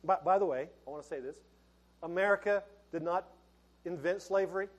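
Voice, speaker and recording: A man's voice: high-pitched, a little fast. A middle-aged male pastor preaching a sermon in a folksy, conversational way, laughing and restarting as he talks.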